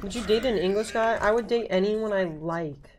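Woman streamer, mid-pitched voice, excitable and jokey self-talk while gaming, swears a lot. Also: moderate pace. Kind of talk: casual gaming stream chat.

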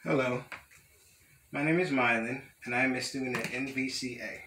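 A young male student reading a children's picture book aloud at a steady, careful pace. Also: medium pitch, moderate pace, echoey room, a little hiss or hum, rough recording. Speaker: student storyteller.

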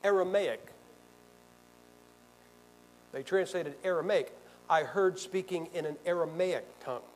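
A male pastor leads a Bible class in a combative, sarcastic way, firing questions at his listeners. His voice sits fairly high for a man. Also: a little slow, low-quality recording. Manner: combative, sarcastic, quizzes the audience.

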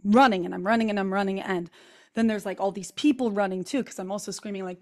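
A woman talks straight to her viewers in a hoarse voice, her vocal cords worn from screaming. Her tone has a gravelly, creaky edge, neither high nor low. She tells her story in an animated rush of run-on clauses and fillers. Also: quick pace. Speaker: spiritual vlogger. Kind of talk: casual storytelling to camera.

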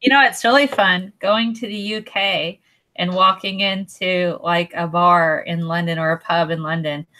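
Woman, slow talker, bright tense tone, playful. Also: on the low side, steady tone. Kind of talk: casual group chat.

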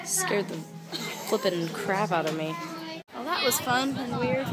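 A young woman chatting excitedly in a casual travel vlog, filmed on a handheld camera outdoors in busy city streets. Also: fairly high pitch, a little slow, over loud music. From United States. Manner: excitable, gushing, giggly fan chatter. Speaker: travel vlogger. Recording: loud outdoor crowd and street noise.

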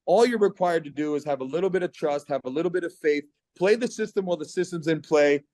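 A man's voice: fairly high pitch, fast, darkish tone, no room sound. A middle-aged man from Canada giving an earnest, persuasive personal testimonial on a video call. His voice catches with emotion as he speaks.

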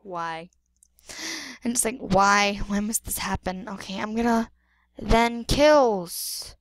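A woman's voice: medium pitch, takes it slowly, dry recording, studio quality. A woman giving playful, dramatic gameplay commentary, exclaiming and repeating words. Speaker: gamer.

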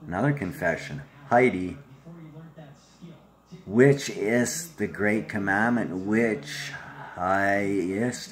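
A low-voiced Australian man rambles loosely to his family, his monologue jumping from one topic to the next.

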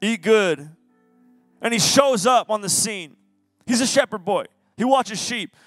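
A man giving an energetic, casual, jokey youth sermon as a youth pastor. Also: high-pitched, moderate pace, dry recording, soft background music. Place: youth service hall.

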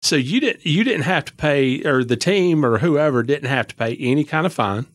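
A man's voice: a little high, animated, moderate pace, no echo. A man hosting a podcast interview, asking follow-up questions and reacting briefly. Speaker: podcast host. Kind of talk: interview chat.

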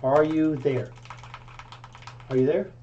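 A man's voice: on the high side, fairly even intonation, slow pace, mellow, highs cut off, slight background noise. A man livestreaming, trading brash, profane taunts and repeating his jabs. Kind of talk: heated livestream argument.

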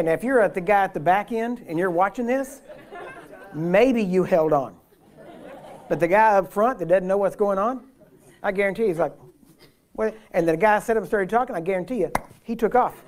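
A man's voice: fairly high pitch, mellow. Middle-aged man, minister teaching, conversational, emphatic, checks in with listeners. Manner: conversational, asks the audience "right?" often, emphatic. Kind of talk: sermon teaching.

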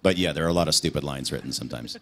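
Deep male voice actor fielding fan questions on a convention panel, loose and jokey. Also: rapid-fire, a bit bright. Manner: joking, self-deprecating, laughs often. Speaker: guest voice actor.

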